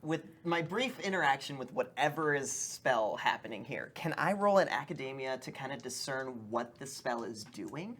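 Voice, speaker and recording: Casting: woman with a very deep voice, hesitant tabletop player, faint background hiss. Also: expressive, moderate pace, few pauses. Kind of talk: tabletop role-play chat.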